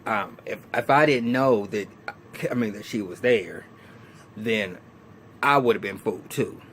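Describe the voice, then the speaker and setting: A man's voice: lowish voice, a little slow, fairly bright tone, slight background noise. A man casually recapping and reviewing a TV episode, chatty and colloquial, with frequent restarts and laughter.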